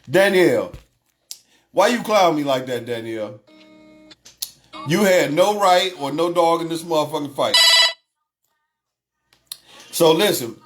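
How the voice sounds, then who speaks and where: Reading his chat aloud during a casual livestream, this man swears liberally, laughs frequently and tends to repeat himself. His voice sits on the high side and sounds a bit bright.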